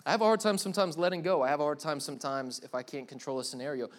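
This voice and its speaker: A man's voice: fairly high pitch, steady tone, rapid-fire. A young man giving a candid, rambling sermon in a church, talking loosely and often saying "man" and "like". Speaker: pastor. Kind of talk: casual confessional sermon. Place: church hall with live audience.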